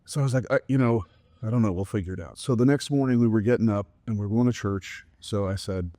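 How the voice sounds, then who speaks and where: Animated storytelling dad, dry close sound. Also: male voice, on the low side, quick pace, dry recording. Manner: animated storyteller, acts out quoted voices. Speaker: podcast co-host, father. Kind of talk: casual storytelling chat.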